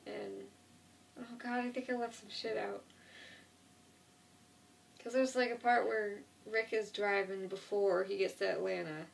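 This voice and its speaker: Speaking a little slowly with frequent pauses, this woman has a creaky, steady, mid-range voice. Recorded from a distant mic, she rambles through a TV episode recap, often correcting herself and leaning on "like."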